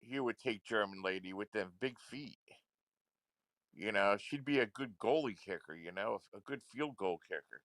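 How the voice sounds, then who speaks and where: Guy ranting on his livestream, sharp tense voice, super dry sound, keeps calling people out. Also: lowish voice, normal speed, dry recording. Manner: confrontational, repetitive, swears. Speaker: livestream commentator.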